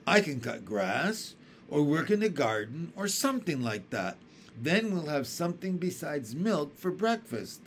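A man's voice: on the high side, sing-song, a little slow, slight background noise. A man reading aloud and voicing a determined, reassuring teenage older brother.

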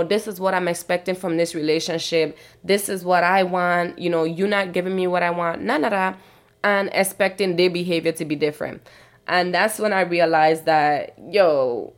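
Lower-voiced woman musing on her podcast. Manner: casual, conversational, often says "you know what I'm saying"; candid and self-reflective. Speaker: podcast host. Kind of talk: reflective personal monologue.

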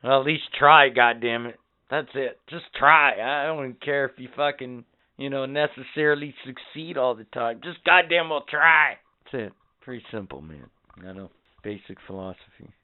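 Middle-aged man, blunt, profane, casual podcast banter, smooth voice, tinny lo-fi sound. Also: mid-range voice, moderate pace, no echo. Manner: profane, blunt fatherly advice, swings between mumbled asides and loud outbursts. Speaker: podcast co-host. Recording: tinny phone-like lo-fi audio.

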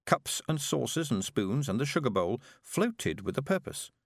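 A man narrating a storybook in an expressive, measured way. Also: mid-range voice, no echo, studio quality. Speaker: audiobook narrator.

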